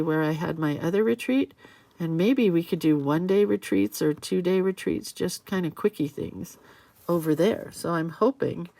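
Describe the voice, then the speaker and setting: A middle-aged woman hosting a casual crafting livestream, chatting as she works and reading viewer comments aloud with warm sympathy. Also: lowish voice, vocal fry.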